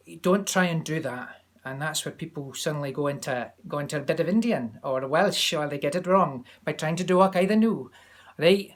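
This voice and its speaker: A man vlogging from home, giving a chatty, animated accent tutorial that wanders into asides. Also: fairly high pitch. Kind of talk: casual to-camera tutorial. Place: home, during lockdown.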